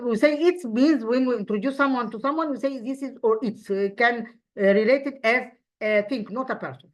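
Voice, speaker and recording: A woman teaching an English lesson to children online, talking haltingly with many fillers and restarts. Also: a little high. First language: Arabic.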